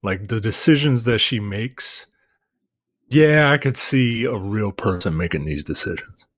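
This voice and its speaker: A man with a low voice talks through his opinion of a film on a podcast. His tone is thoughtful and searching, full of "like" and restarts. The sound is close and dry, with no room echo. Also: expressive, measured pace. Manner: thoughtful, reasoning aloud with many restarts. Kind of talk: casual discussion.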